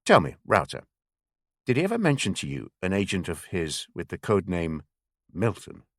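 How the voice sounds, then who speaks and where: A man reading a senior male spymaster who speaks slowly and very properly in an audiobook. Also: low-pitched, huge pitch swings, no echo, clean studio sound, heavily acted. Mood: grave. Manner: slow, very proper. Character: senior male spymaster, older, measured, formal.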